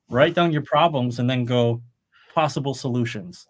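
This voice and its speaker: Middle-aged guy rambling on a livestream, swears a lot, mid pitch. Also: normal speed. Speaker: podcast co-host. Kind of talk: casual chat.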